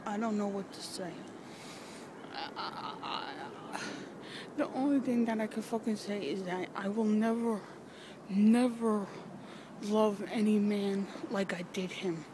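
A woman recording an emotional personal video message, halting, sighing and swearing as she nears tears. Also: medium pitch. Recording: noisy background with vehicles.

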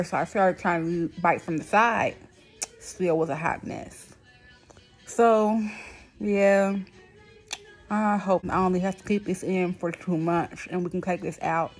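Frustrated woman vlogger, slangy and blunt, with a lisp from a palate expander and a slightly low voice. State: speech thick and lisping from a new palatal expander. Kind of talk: casual venting to camera.

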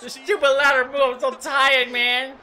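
A man's voice: very high-pitched, little pitch movement, normal speed, sharp tone. A man playing a wrestling video game with a friend, laughing and trash-talking as he plays. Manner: playful trash talk, laughing while playing. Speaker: gameplay co-player. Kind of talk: excited co-op gameplay commentary. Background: game crowd noise.

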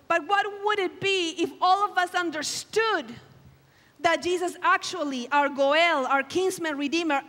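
A woman delivers an emphatic, exclamatory sermon in a high, bright voice. She speaks slowly and deliberately, bursting into lively quoted lines. Her voice rings through a large hall with a long reverb tail. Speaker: guest preacher. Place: large hall at a camp meeting.

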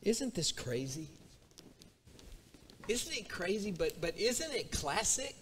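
Animated high-voiced male preacher. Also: takes it slowly, slight background noise. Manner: animated, acts out a character's complaints. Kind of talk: sermon. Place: church sanctuary.

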